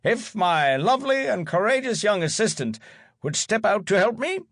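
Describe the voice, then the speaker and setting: A man voicing a grand showman stage magician, with theatrical, booming stage patter in an audiobook. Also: big pitch swings, moderate pace, a bit bright, no room sound, studio quality, heavily acted. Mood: grandiose. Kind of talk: audiobook character voice.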